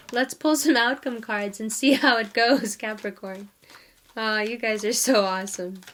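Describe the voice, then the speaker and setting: Giving a casual tarot reading, a woman chats directly with her viewers and laughs often. Her voice is on the high side with a fairly bright tone.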